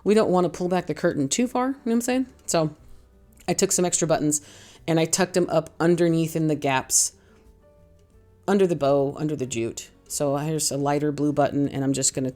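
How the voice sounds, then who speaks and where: Chatty low-voiced woman crafting. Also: brisk, dark tone, soft background music. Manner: chatty, rambling, self-deprecating. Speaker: craft channel host. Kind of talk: casual craft tutorial voice-over.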